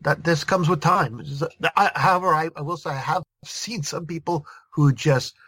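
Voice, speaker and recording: Halting speaker, dry humor, dead-dry sound. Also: mid-range voice, fairly bright tone, breathy edge, no echo. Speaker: podcast guest. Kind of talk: casual conversation.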